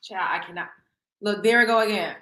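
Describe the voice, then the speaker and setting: A woman's voice: medium pitch, fairly quick, sharp tone, roomy sound, slight background noise. A woman hosting a celebrity gossip show in casual chat, blunt and profane, often tripping over repeated words.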